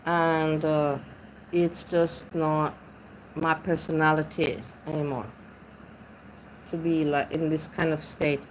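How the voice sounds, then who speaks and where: Rambling low-voiced woman streamer. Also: steady tone, slow pace, slight background noise, rough recording. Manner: rambling, searches for words, restarts often. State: intoxicated. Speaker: livestreamer reading chat. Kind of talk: casual livestream chat.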